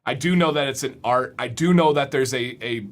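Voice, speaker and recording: A man's voice: medium pitch, a little fast. A young man hosting a casual livestream, upbeat, often repeating words as he reads the chat. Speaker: livestream host.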